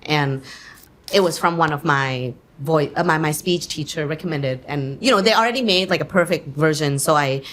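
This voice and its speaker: A Thai-born woman whose first language is Thai, chatting in an interview as a guest, animated and quick to laugh, with plenty of fillers. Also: low voice, slight background noise. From Thailand. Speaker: actor and guest. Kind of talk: casual interview chat.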